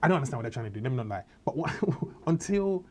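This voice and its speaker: A comedian guest of Nigerian and British background talks casually in an interview, telling stories in a rapid-fire, medium-pitched voice. He's an animated storyteller who acts out the quotes.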